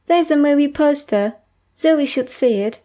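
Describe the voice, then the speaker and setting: A sick little boy, plaintive and a bit whiny but eager, as a woman reader voices him. Spoken high and slowly in a simple children's read-aloud. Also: mellow.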